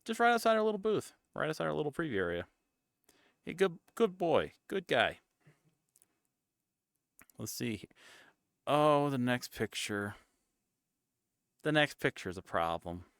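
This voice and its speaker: Male streamer, casual chat, playful teaser; unhurried delivery, gravelly tone. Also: a little high, sing-song, a bit bright, dry recording, studio quality. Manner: playful, teasing. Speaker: VTuber streamer.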